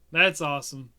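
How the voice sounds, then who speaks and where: A woman's voice: on the low side, sharp tone. A woman chatting casually, mostly with brief listening replies. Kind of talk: casual chat.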